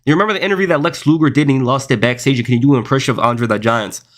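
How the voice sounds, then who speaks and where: A man's voice: medium pitch, animated, rapid-fire, fairly bright tone. A young man streaming live, reading chat aloud and riffing on it in a rambling, casual way, often saying "bro" and "listen.".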